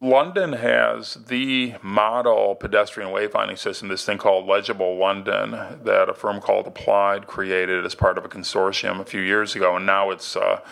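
Male design co-host, keen and thoughtful, bright gravelly tone. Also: on the low side, little pitch movement, normal speed, few pauses. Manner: enthusiastic, thoughtful, restarts often. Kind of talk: casual conversation.

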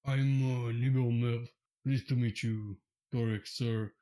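A mellow, unhurried voice, a big, courteous adventurer played by a man in a tabletop game. He speaks formally and deferentially and adds "sir". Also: mid-range voice, fairly even intonation, lightly acted.

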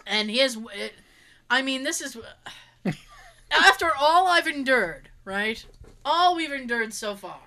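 A woman casually telling an anecdote in an animated, expressive way and swearing freely. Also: sits high, takes it slowly, long pauses.

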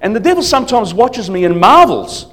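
A man preaching as a guest speaker at a church service, emphatic, swinging between loud declarations and quiet asides. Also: high-pitched, very animated, fairly quick. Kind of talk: sermon.

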